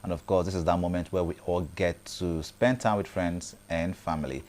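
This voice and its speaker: A man with a very deep voice co-hosting a breakfast show. He talks in a relaxed, easy way, backing his co-host up with short agreements and laughs. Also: a little fast. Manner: relaxed, backchanneling with frequent laughs. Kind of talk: casual morning show chat.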